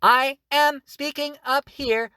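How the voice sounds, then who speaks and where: A man's voice: very high voice, fairly even intonation, slow, bright, forceful tone, dry recording, studio quality, pitched above the performer's own voice, heavily acted. A man voicing a small robot gnome, speaking in short clipped words with a melodic up-and-down singsong. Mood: chirpy. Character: singsong high-pitched little robot gnome.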